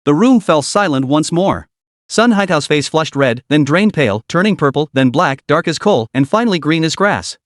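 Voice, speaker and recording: A man narrating a comic-drama story recap in a steady, scripted way. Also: on the high side, normal speed, no echo, clean studio sound.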